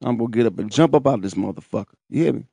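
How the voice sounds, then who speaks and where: A man telling his own story in casual, profane, animated talk, laughing and breaking into high shouts. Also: racing, creaky, husky, no room sound.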